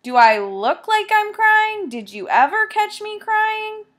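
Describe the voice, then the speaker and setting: A woman reading a storybook, voicing a proud, touchy boy who shouts and challenges his friends. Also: fairly high pitch, big pitch swings, moderate pace. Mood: angry.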